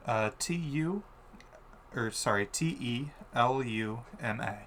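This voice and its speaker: A man narrating as game master of a tabletop game, unhurried and hesitant, with many fillers. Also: medium pitch, expressive, a bit bright, a little hiss or hum.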